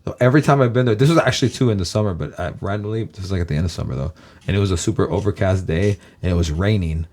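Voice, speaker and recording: A man's voice: sits low, racing, a little mellow. A man from Los Angeles with a Californian American accent, rambling to his viewers in a casual, profane monologue full of "guys". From Los Angeles, USA. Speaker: vlogger.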